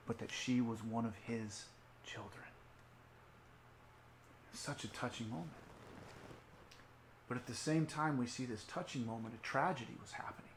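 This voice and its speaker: A man preaching an online sermon, telling a story expressively, sinking into hushed tones and rising again, with casual asides. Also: mid-range voice, echoey room, a little hiss or hum. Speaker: youth pastor.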